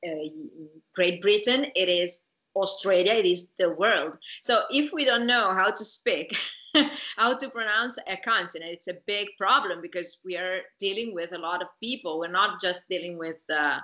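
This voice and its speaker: Bright-voiced Italian woman, laughing. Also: mid-range voice, moderate pace. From Italy. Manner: laughs often, restarts and searches for words. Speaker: singing diction teacher, co-host. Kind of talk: casual conversation. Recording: dull lo-fi sound.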